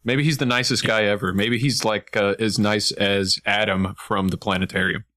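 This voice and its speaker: A man's voice: on the low side, fairly even intonation, moderate pace, sharp tone. A man hosting a podcast, chatting casually, rambling and joking with sarcastic asides. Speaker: podcast host.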